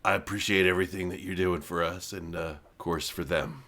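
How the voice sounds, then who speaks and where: A man narrating a tabletop game as game master, casual and relaxed. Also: low voice, brisk.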